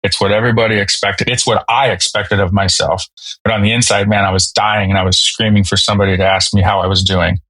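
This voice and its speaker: A man's voice: lowish voice, little pitch movement, bright, forceful tone, no room sound, rough recording. Candid man in dry close sound. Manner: casual, halting, many fillers and restarts. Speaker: podcast guest, Marine veteran. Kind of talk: candid personal storytelling.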